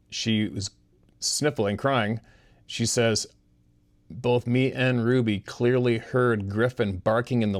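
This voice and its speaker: A man hosting a show, telling odd personal stories in a rambling way and chuckling as he talks to his listeners. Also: on the low side. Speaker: host reading listener stories. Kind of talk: casual storytelling.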